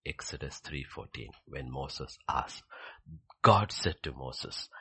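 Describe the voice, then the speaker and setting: A man preaching a sermon, often saying "okay", repeating key phrases and moving between loud emphatic bursts and hushed, whispered scripture readings. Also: extremely low pitch, animated, takes it slowly, husky.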